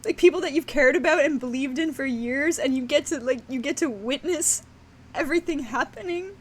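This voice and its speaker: High-voiced woman fighting back tears. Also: a little fast, slight background noise. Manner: teary, fighting back tears, laughing often; rambling with many restarts. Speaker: streamer. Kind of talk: casual emotional chat to viewers.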